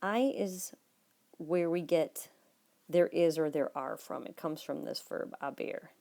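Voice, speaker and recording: In these recorded classroom lesson notes, a woman teaching Spanish speaks slowly in a low, mellow, slightly gravelly voice. Patient and direct with her students, she occasionally lowers to a soft murmur while writing on the page.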